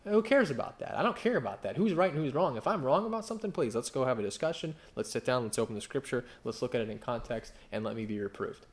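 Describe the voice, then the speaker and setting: A man in his thirties delivers a sermon in a loose, conversational way. He keeps firing rhetorical questions at his listeners and often stops to restart or repeat himself. His voice sits at an ordinary middle pitch. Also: expressive, quick pace, hardly any pauses. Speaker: pastor.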